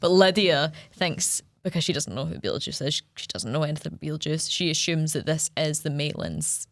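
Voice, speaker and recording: A woman's voice: low-pitched, a little fast, no echo. A woman co-hosting a podcast, chatting casually about a film in a rambling way with lots of fillers. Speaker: podcast co-host.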